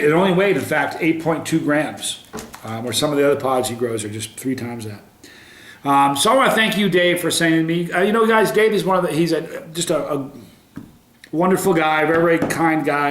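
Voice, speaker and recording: Upbeat, halting man in an echoey room. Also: on the high side, a bit bright, slight background noise. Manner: halting, many ums and restarts, upbeat. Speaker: hot pepper reviewer. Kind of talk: casual pepper tasting review to camera. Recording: roomy echo.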